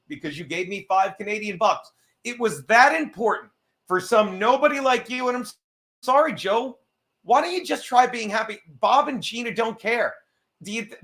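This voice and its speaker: A livestream host with a high voice and a bright, forceful tone. He talks casually and swears constantly. His sentences ramble and break off as he stops to fumble with his setup. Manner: profane, rambling, self-interrupting; reads viewer messages aloud.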